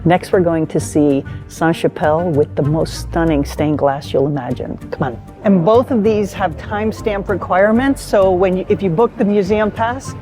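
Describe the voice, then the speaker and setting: A woman's voice: fairly low pitch, moderate pace, hardly any pauses, mellow, faint music behind. A woman vlogging on a trip, casually narrating sights, prices and opening hours like a tour guide. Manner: chatty, informative tour guiding. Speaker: travel vlogger. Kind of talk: casual travel vlog narration.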